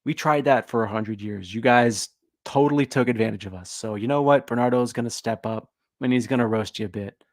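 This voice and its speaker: Man, stream host, casual sarcastic commentary, joking, mid-pitched voice, dry close sound. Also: brisk, dry recording. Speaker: host of a livestream.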